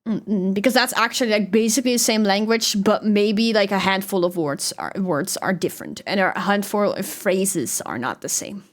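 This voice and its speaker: A woman's voice: medium pitch, normal speed, hardly any pauses. A young woman with a Dutch accent, chatting casually on a livestream and reading out chat. She talks loosely, swears and laughs often. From Netherlands. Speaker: streamer.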